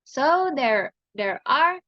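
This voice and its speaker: A young woman from Indonesia giving a class presentation on pronunciation, speaking haltingly and repeating each sound and example word. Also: high voice, big pitch swings, no echo, dull audio. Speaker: student presenter.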